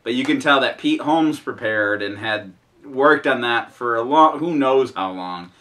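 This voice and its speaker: A man's voice: medium pitch, lively intonation, unhurried, fairly bright tone. A male vlog host chatting casually and off the cuff, rambling as he goes. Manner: rambling, unrehearsed, with restarts. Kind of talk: casual chat.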